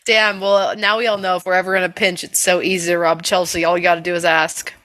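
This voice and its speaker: Bright-voiced young woman, crude and joking. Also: on the low side, quick pace. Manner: crude, joking, animated storyteller. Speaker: podcast co-host. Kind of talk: casual chat.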